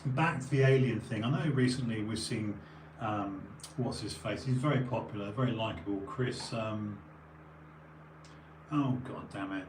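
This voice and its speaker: A man's voice: on the low side, moderate pace. A man rambling casually on a stream, tired and sniffly, full of digressions and restarts. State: runny nose, tired. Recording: echoey room, faint background noise.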